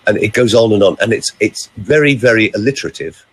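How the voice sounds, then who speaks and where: A man who works as a vocal coach, telling a story in casual chat, with a lively, animated way of talking. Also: lowish voice, quick pace, husky, low-quality recording.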